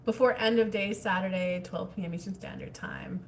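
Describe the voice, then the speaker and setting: A woman hosting a casual livestream as a spiritual coach, reading viewer comments and answering in a chatty, animated way. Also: fairly low pitch, a little fast, distant mic, background noise. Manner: chatty, animated, drops into whispers.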